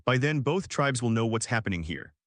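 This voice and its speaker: A man's voice: medium pitch, expressive, a little fast, no echo, close to an everyday voice. Male narrator voicing an ancient teasing vampire woman from a storybook, sly and lightly seductive, dry sound. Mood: serious.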